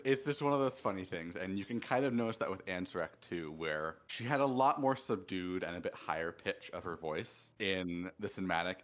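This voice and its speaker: A man's voice: low-pitched, dull audio. A man co-hosting a casual gaming chat, talking in a thoughtful, analytical way. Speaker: co-host.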